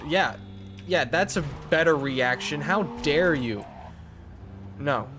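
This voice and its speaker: A man's voice: a little high, expressive, slow pace, pauses often, music in the background. A man hosting a gaming channel, giving sarcastic, wry commentary over his own gameplay.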